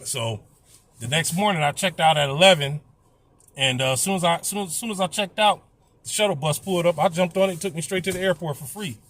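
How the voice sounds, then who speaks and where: A man's voice: on the high side, a little fast, fairly bright tone. A middle-aged man telling a casual, profane story, blunt and complaining. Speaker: vlogger.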